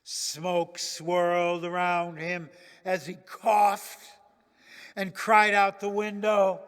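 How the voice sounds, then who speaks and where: Slow, dramatic high-voiced preacher. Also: male voice, steady tone, smooth, big-room sound. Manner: dramatic, swinging from loud declarations to hushed near-whispers. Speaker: pastor. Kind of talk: sermon. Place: church.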